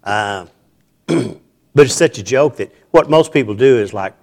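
A man, preaching an informal, folksy sermon in a church with a lively, self-described hyper delivery. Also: medium pitch, unhurried, gravelly. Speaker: pastor.

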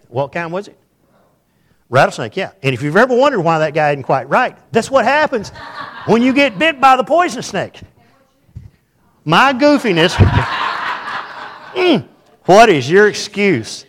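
Folksy man telling a story. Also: a little high. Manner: folksy, humorous, animated storyteller. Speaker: pastor. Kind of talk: storytelling sermon. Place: church.

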